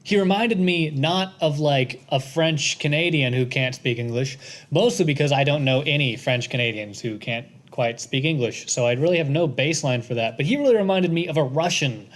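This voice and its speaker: A man's voice: a little high, moderate pace. A man co-hosting a podcast, chatting casually and enthusiastically about a movie, with jokes and swearing. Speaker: podcast co-host.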